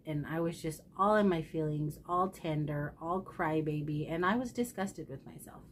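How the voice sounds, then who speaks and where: A woman's voice: low-pitched, moderate pace, slight background noise. A woman vlogger talking casually to camera, candid, emotional and self-deprecating, addressing her viewers directly. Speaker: thrift haul vlogger. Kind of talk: casual confessional chat to camera.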